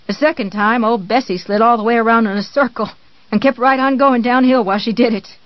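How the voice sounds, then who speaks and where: A reader voicing a pious, menacing middle-aged woman who speaks slowly and sweetly, in a dull, dry audiobook recording. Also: medium pitch, fairly even intonation, no room sound, close to an everyday voice. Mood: calm, pious.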